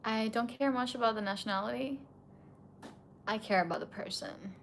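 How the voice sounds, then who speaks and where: A woman's voice: fairly high pitch, moderate pace, gravelly, fairly bright tone, a little hiss or hum. A young woman streaming late at night, a bit tipsy and emotional, tearfully answering her chat in casual talk.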